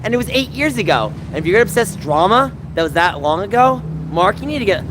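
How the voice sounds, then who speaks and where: A man's voice: sits high, expressive, fairly quick, sharp tone, a little hiss or hum, low-quality recording. A man hosting a casual livestream, talking to chat by name and turning confrontational as he defends himself. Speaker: livestream host.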